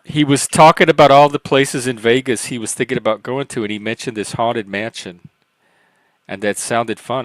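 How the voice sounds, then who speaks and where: Male stream host, casual and rambling, light youthful voice, mid pitch, dry close sound. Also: moderate pace, fairly bright tone, no room sound. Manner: rambling, self-mocking, laughs often. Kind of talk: casual chat.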